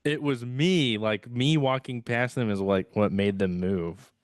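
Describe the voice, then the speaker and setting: Smooth-voiced rambling male podcast co-host. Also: medium pitch, a little slow, no room sound, studio quality. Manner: rambling, hesitant, laughs often, filler words. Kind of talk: casual chat.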